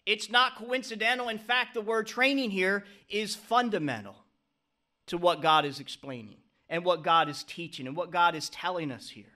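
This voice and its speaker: Bright-voiced preacher man calling out "Amen?". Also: high-pitched, moderate pace. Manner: preaching with frequent "Amen?" calls to the congregation. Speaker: pastor. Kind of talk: sermon.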